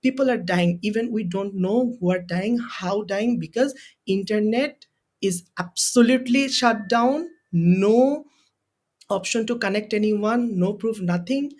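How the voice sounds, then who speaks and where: A man's voice: high-pitched, a little slow, a little mellow. A young man from Bangladesh with a Bangladeshi accent, a university student guest on a podcast interview, speaking in an impassioned, emotional way and repeating phrases for emphasis. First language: Bengali. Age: young adult.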